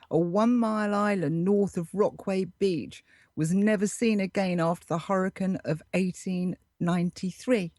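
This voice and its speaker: An upbeat woman correspondent hosting a casual podcast segment. She reads out fun facts in a mid-pitched voice. The recording is dry and close, with no room sound. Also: darkish tone, dry recording. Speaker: show correspondent.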